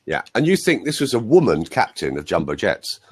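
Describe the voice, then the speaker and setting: A man's voice: lowish voice, brisk, slightly rough, no echo. A man working as a voice coach, chatting casually and telling rambling anecdotes full of asides. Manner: animated storyteller, rambling asides.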